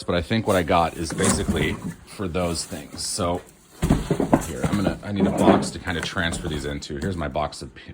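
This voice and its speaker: An online reseller rambles casually through an unboxing in a cold garage, shivering as he goes. His voice is low-pitched and the recording is very noisy, and his chatty manner is peppered with joking, self-mocking asides.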